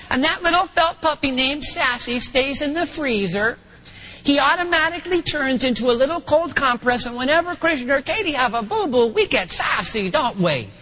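Middle-aged male preacher, animated delivery, bright and sharp tone. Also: very high-pitched, moderate pace, a little hiss or hum, rough recording. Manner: animated preaching, acts out quoted voices. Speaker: pastor. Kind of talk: sermon.

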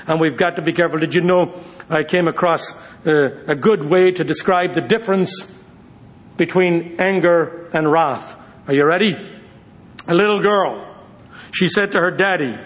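A man teaching a Bible study in a lively, high voice. He tells stories, jokes with his listeners and keeps things informal. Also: moderate pace. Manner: animated, jokey, addresses listeners as guys. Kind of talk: informal sermon with storytelling.

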